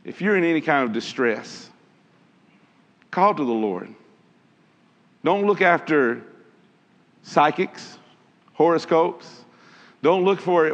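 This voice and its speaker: A man preaching a sermon in an animated, emphatic way, calling out to his listeners and reading scripture aloud. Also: a little high, measured pace, pauses often. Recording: dull sound with long hall reverb.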